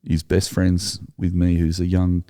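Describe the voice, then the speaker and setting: A man's voice: deep voice, completely flat delivery, measured pace, dark tone. A middle-aged Australian man, a tired pastor telling a story on a podcast in an earnest, emotional way.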